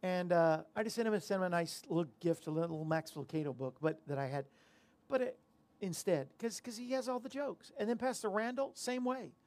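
High-voiced, chatty male talk-show host. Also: expressive, brisk, a little mellow. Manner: rambling, self-deprecating, chatty. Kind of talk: casual talk-show chat with jokes.

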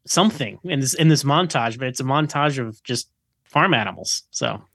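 A man who is a guest on a podcast, talking in casual chat. He sounds wry and relaxed and drops in joking asides. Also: medium pitch, moderate pace, no echo, clean studio sound.

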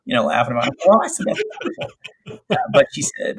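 A middle-aged man, a doctor, telling a personal story in an interview in an earnest, reflective, halting way. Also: mid-range voice, sing-song. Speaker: infectious disease doctor.

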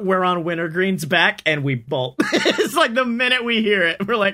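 A man playing a comedic tabletop game, crude and excitable, laughing often. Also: high-pitched, normal speed, hardly any pauses. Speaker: player. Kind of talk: casual comedic tabletop play.

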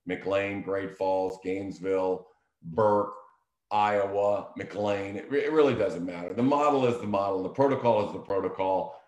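A man talks real estate in an emphatic, coaching tone. His voice sits low, and the room around him is echoey. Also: normal speed, darkish tone, muffled recording. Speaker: real estate agent, show host. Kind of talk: casual business chat.

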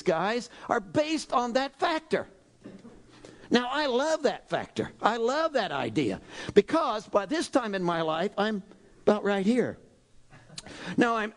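A man preaching a sermon in an animated, dramatic way, now and then breaking into loud exhortations. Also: high-pitched. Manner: animated, dramatic, shifts into shouted exhortations and acted quotes. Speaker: pastor.

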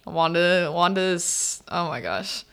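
A woman hosting a podcast, chatting casually through a movie recap, full of "like" fillers and quick asides. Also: big pitch swings, fairly bright tone, clear, resonant tone. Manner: acts out characters' lines with pitch swings. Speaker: podcast host.

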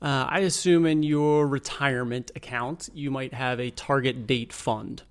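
Male financial adviser, steady mid-range voice, calm patient explanations. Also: mid-range voice, a little slow. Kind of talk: explanatory interview talk.

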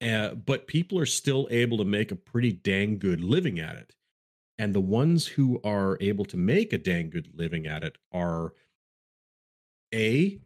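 A man's voice: lowish voice, darkish tone. A man co-hosting a casual podcast, reading listener questions and answering in a wry, rambling, self-deprecating way.

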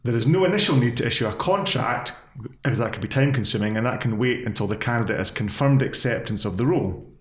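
A man co-hosting a legal podcast, friendly and self-deprecating, measured when he explains. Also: medium pitch, lively intonation. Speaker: podcast co-host, employment lawyer. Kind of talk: casual chat and scripted explaining. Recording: roomy echo.

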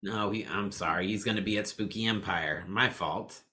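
A man's voice: on the low side, normal speed, bright, forceful tone. A man co-hosting a podcast, chatting casually and loosely with frequent restarts. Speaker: podcast co-host. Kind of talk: casual chat.

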